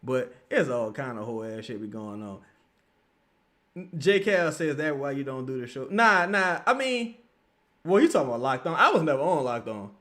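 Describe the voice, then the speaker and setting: A man hosting a casual livestream, reading viewer comments and talking loosely and profanely, jumping between loud outbursts and low mutters. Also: big pitch swings, normal speed. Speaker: livestream host.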